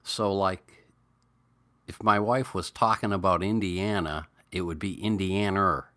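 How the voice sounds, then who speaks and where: New england guy in his middle years, slow easygoing live chat, telling stories, crisp bright voice. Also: deep voice. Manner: rambling, chatty storyteller greeting viewers. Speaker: livestream host. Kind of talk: relaxed pipe-smoking live chat.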